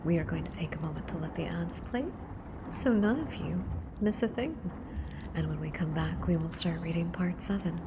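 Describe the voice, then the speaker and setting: A woman streamer chatting between horror story readings, mostly whispering into a close microphone, excitable and drifting between a whisper and soft speech. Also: lowish voice, moderate pace, background noise. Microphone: close mic right in front of her.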